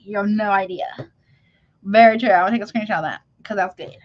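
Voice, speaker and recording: A woman's voice: medium pitch, a little fast, dull audio. A woman giving a live tarot reading, talking casually to her viewers and calling them honey. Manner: chatty, calls viewers honey, self-interrupting. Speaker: tarot reader.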